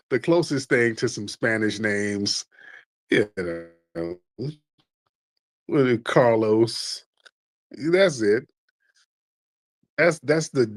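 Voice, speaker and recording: A man's voice: fairly low pitch, no echo, clean studio sound. A man hosting a casual call-in show, slangy and teasing, who laughs often. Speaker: talk show host.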